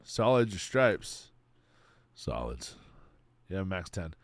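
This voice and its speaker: A man's voice: deep voice, big pitch swings, extremely slow, no echo. A man casually chatting with viewers while streaming a game, laid-back and swearing freely. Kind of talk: casual livestream chat.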